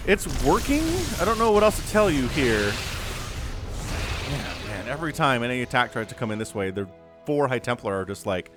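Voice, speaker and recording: A man's voice: medium pitch, expressive, moderate pace, music in the background. A man casting a strategy game match solo, chatty and analytical, often rambling off topic. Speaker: esports caster.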